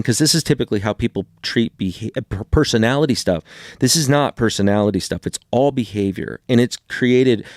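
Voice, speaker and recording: A man hosting a casual podcast conversation, animated and swearing freely as he reads passages aloud. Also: on the low side, dry recording, studio quality. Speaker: podcast host.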